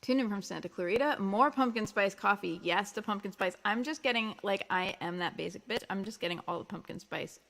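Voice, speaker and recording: A woman's voice: medium pitch, fairly quick, vocal fry, hardly any pauses, a bit bright. Long island lady musician chatting on her stream, jokey, reading out comments. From Long Island, New York. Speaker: musician hosting a livestream. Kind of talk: casual livestream chat.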